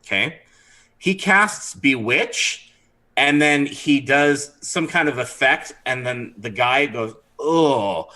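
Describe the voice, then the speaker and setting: Bright-voiced man running a tabletop game. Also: mid-range voice, rough recording. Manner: animated, acts out characters with quick voices. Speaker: dungeon master.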